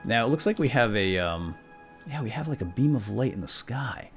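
A man giving excitable, jokey commentary while playing a video game. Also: medium pitch, normal speed, gravelly, faint music behind. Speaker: let's play gamer. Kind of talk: casual gameplay commentary.

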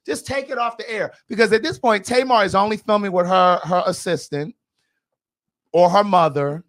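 A man's voice: high voice, normal speed, fairly bright tone. A man hosting a podcast, giving blunt, sassy, gossipy commentary in a casual chat. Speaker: podcast host.

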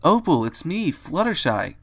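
A man doing a timid, squeaky pony girl. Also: big pitch swings, measured pace, fairly bright tone, slightly rough, full character voice. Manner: shy, hesitant, squeaky. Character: timid gentle female pony turned rabbit.

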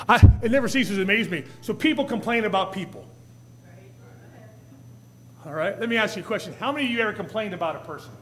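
A man, a pastor, preaching a sermon in a church, swinging between quiet asides and loud, rising appeals and acting out whiny quotes. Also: very high-pitched, in a large hall. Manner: preaching with sudden rises and drops in loudness, acting out whiny quotes. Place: church sanctuary.

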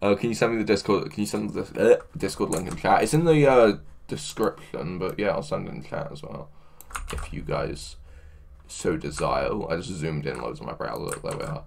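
A man chatting casually on a livestream, excitable, laughing often and swearing a lot. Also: sits low, normal speed, gravelly, a little hiss or hum. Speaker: livestreamer reading chat.

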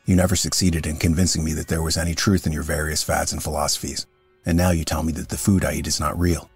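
A man voicing a complaining woman ghost, curt and snappish, in a very deep husky voice, audiobook. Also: level tone, fast, soft background music, full character voice. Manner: curt, querulous replies. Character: sharp-tongued dead woman, fussy and complaining. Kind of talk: audiobook reading of a character.

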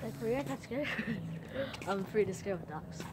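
A woman's voice: medium pitch, lively intonation, moderate pace, background noise. A woman chatting casually outdoors near a street, coaxing a dog with soothing, repeated words. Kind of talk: casual vlog chat.

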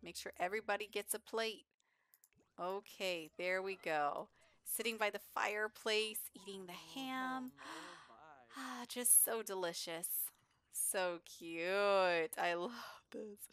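A woman's voice: medium pitch, slow pace, fairly bright tone, smooth. A woman giving chatty, giggly gameplay commentary as a gaming YouTuber.

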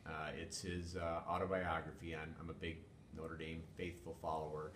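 An older man, a former police chief, talking in a measured, wordy way with many fillers as an interview guest. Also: monotone, a bit bright. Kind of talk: casual interview talk. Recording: echoey room with faint rumble.

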